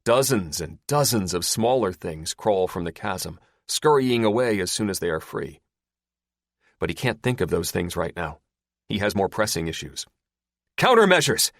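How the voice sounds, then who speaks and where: A male audiobook narrator reads a dramatic action passage. His voice sits low but moves with a lively swing, recorded dry and close. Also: moderate pace, dry recording. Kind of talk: scripted narration.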